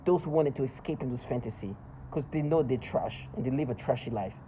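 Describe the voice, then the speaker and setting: A man's voice: mid-range voice, brisk, warm tone, a little hiss or hum, rough recording. A man in an agitated, accusatory, emotional rant, speaking as a monologue. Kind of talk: angry ranting monologue.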